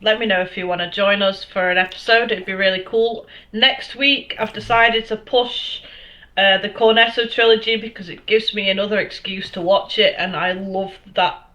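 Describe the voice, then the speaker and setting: A bright, forward woman from Northern England chats with her co-host over an online call. She talks loosely and fills gaps with "um". The audio is dull and lo-fi. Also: medium pitch, fairly even intonation, normal speed. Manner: chatty, many "um" fillers. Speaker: podcast co-host. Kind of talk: casual chat.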